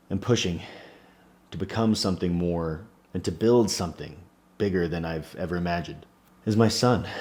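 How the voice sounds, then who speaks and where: A man's voice: low voice, a little mellow. A man in his thirties, a small business owner, telling a personal story in an earnest, reflective way. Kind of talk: personal vlog monologue.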